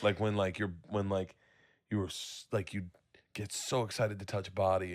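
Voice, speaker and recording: A middle-aged man with a lowish voice tells raunchy stories on a podcast, loose and animated. He acts out his own past lines with gusto. The recording is dry and close. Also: normal speed, no echo. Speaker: podcast guest. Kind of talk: casual podcast storytelling.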